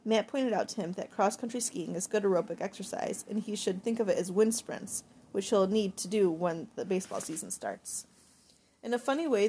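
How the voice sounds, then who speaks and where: Brief: woman audiobook narrator, breathy tone, reflective first-person reading. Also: mid-range voice, darkish tone.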